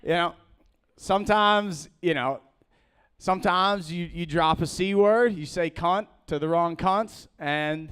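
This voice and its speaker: Young comic guy rambling thru an open mic set, kinda high smooth voice, lots of likes and restarts. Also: a bit bright. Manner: rambling, halting, many restarts and fillers; laughs at his own jokes. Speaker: stand-up comedian.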